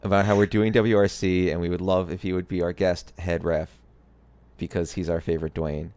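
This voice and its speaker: A woman's voice: rumbling low, flat delivery, a little fast, mellow. A woman hosting a casual livestream chat, enthusiastic and laughing often. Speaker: league host.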